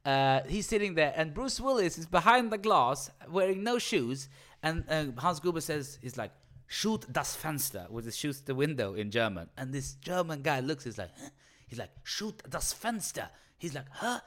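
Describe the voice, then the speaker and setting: A man's voice: fairly high pitch, normal speed. A male comedian co-hosting a podcast in casual, swearing chat, acting out scenes as he tells stories. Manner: animated, swears a lot, acts out movie quotes.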